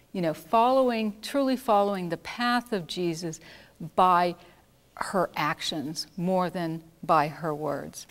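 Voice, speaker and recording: A woman telling personal stories in an earnest, reflective way, pausing and restarting as she recalls them. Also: mid-range voice. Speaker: speaker recounting volunteer work. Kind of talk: personal storytelling talk. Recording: long hall reverb.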